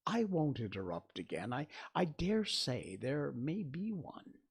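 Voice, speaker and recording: A man voicing a polite, curious young girl in a storybook reading, pitched high and pleading. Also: wildly swooping pitch, a little slow, vocal fry, slightly rough, full character voice. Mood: humble.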